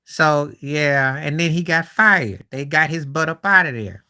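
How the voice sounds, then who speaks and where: Casual basketball talk fills this live stream, led by a man whose voice is a little high, slightly slow, bright, and forceful. He drifts off mid-thought, restarts, and adds incredulous comments along the way.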